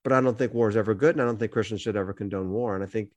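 A man's voice: on the low side, racing, darkish tone, no room sound, muffled recording. A man co-hosting a podcast, talking earnestly and reflectively in a casual discussion. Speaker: podcast co-host.

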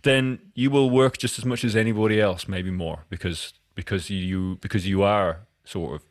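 A man's voice: fairly low pitch, fairly even intonation, normal speed, dry recording, clean studio sound. A Scottish man hosting a podcast interview, talking in a loose, rambling way with many restarts. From Scotland. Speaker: podcast host. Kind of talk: casual interview chat.

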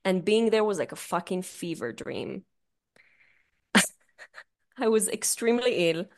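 A woman's voice: medium pitch, lively intonation, takes it slowly. A young woman co-hosting a podcast, telling stories in casual chat, swearing freely and laughing often. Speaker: podcast co-host.

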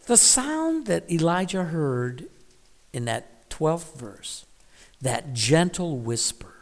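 A man's voice: on the high side, sing-song, takes it slowly, vocal fry, in a large hall. A man giving a devotional Bible reading and reflection, thoughtful, sometimes dropping to a whisper on key words. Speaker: Bible teacher.

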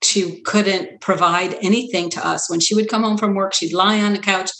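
A middle-aged woman family physician telling stories in an earnest conversational interview, animated when she quotes others. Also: mid-range voice, moderate pace. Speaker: family physician, practice founder. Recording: roomy echo.

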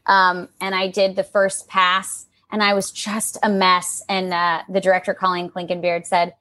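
A young adult woman, a voice actor, chatting in an interview and telling stories in an expressive, animated way with lively quoted asides. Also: mid-range voice, a little slow, hardly any pauses. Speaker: voice actor guest. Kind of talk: casual interview chat.

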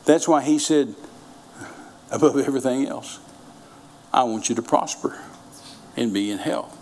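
A man's voice: medium pitch, a little slow, a little mellow, slight background noise. A middle-aged man preaching a sermon, telling folksy stories and repeating phrases for emphasis.

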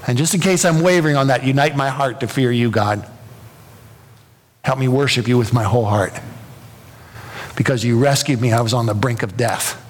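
A man's voice: mid-range voice, normal speed, pauses often. A pastor preaching a sermon, earnest and building to impassioned emphasis, often repeating words as he presses a point. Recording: long reverb of a large hall.

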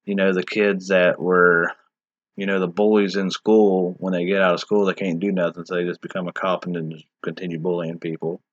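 Rambling low-voiced man, muffled and dry. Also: little pitch movement, brisk, no echo. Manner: rambling, hesitant, many restarts. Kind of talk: casual discussion.

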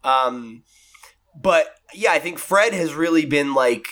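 A man hosting a casual podcast chat, relaxed and hesitant, with lots of fillers. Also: on the high side, takes it slowly. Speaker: podcast host.

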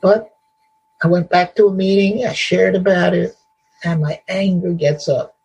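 A man speaking at a recovery meeting in a high, gravelly voice. He talks bluntly and repeats himself for emphasis, laughing at his own story. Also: steady tone, measured pace, darkish tone, a little hiss or hum, low-quality recording. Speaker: meeting member sharing.

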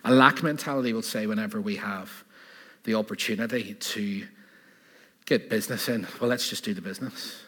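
A man preaching a sermon in an animated style, asking rhetorical questions and adding laughing asides, in a church hall. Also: lowish voice, normal speed. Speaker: pastor.

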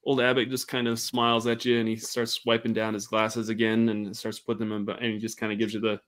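A man's voice: lowish voice, completely flat delivery, a little fast, fairly bright tone. A man narrating as game master of a tabletop game, rambling, with many fillers and restarts.

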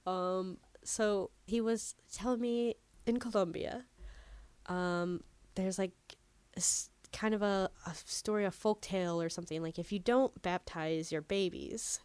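A woman's voice: mid-range voice, measured pace, a little mellow, clean tone, no echo. A woman co-hosting a podcast, telling a story in casual chat and leaning heavily on "like". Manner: chatty storyteller, heavy use of "like". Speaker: podcast co-host.

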